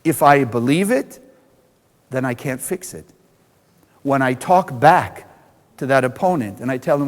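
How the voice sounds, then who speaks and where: A man's voice: mid-range voice, animated, measured pace, pauses often, in a large hall, poor audio. A man teaching a spiritual lesson to a class, asking questions and answering them himself. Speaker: Kabbalah teacher.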